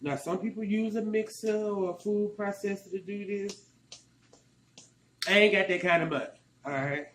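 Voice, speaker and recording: A man's voice: high voice, moderate pace, fairly bright tone, echoey room, slight background noise, poor audio. A man from Arkansas with a Southern accent, rambling casually while he walks through a cooking tutorial in his home kitchen. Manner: chatty, rambling, colloquial. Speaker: cooking vlogger.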